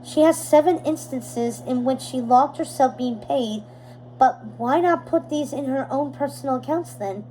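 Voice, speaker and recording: A woman reading a storybook aloud, voicing a gentle, troubled young man who speaks hesitantly. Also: high-pitched, unhurried, a little hiss or hum, rough recording.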